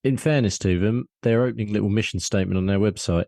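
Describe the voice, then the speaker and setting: A man co-hosting a casual podcast, talking in a relaxed, thoughtful way with small hesitations. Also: on the low side, fast, creaky, few pauses, dry recording, clean studio sound. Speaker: podcast co-host.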